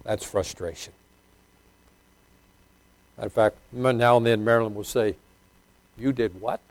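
An older preacher keeps a steady tone and moderate pace while shifting from forceful, loud outbursts to hushed, low asides. Along the way he chuckles and asks the congregation questions.

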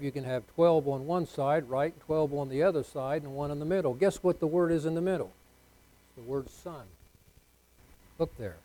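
A man preaching a sermon, leading the congregation in call-and-response and swinging between soft asides and loud, emphatic lines. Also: fairly high pitch, rough recording. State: unwell.

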